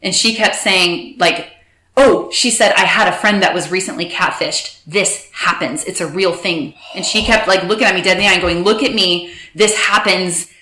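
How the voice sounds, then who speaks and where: Bright-voiced woman telling a shaken story. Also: on the low side, echoey room. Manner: halting, restarts, quotes others in bursts. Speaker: guest telling her story. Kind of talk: emotional personal storytelling.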